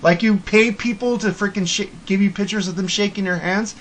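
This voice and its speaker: A man's voice: high voice, fairly even intonation, fairly quick, a bit bright. A man talking casually and bluntly to a friend, swearing freely as he gives frank advice. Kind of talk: casual chat.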